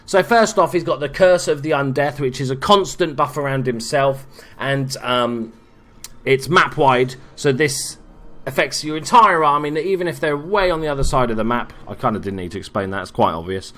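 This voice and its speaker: A man's voice: mid-range voice, moderate pace, fairly bright tone. A man hosting a casual gameplay guide, talking in an offhand, joking way with frequent asides. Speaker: game guide host.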